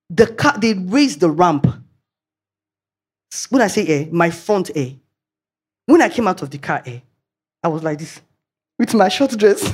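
A woman's voice: medium pitch, big pitch swings, moderate pace, long pauses, slightly rough. A woman with a Nigerian accent preaching a sermon, telling chatty anecdotes and laughing along the way. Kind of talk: storytelling sermon.

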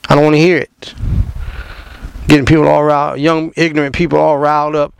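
A man's voice: fairly high pitch, flat delivery, brisk, vocal fry, smooth, dry recording, poor audio. A man giving impassioned commentary in an emphatic, preachy way, firing rhetorical questions at the listener and repeating words as he gets going. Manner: repeats words when fired up.

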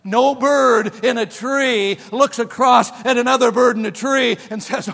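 A pastor preaches with a high voice, telling folksy stories to his congregation. He moves between quiet asides and shouted emphasis. His voice carries a long reverb from a large church hall. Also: normal speed, vocal fry, few pauses. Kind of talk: sermon.

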